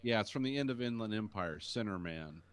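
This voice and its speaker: A man's voice: on the low side, expressive, fairly quick, smooth, dry recording, studio quality. A man co-hosting a podcast, chatting casually about a film and rambling while he searches for names. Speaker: podcast co-host. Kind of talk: casual movie review chat.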